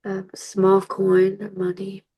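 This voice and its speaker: A woman reads vocabulary aloud at a very slow, halting pace, breaking words into pieces and starting over. Her voice sits at an ordinary middle pitch. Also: monotone, dark tone, husky. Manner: halting, sounding out words with restarts. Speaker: student. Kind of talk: reading vocabulary aloud in a lesson.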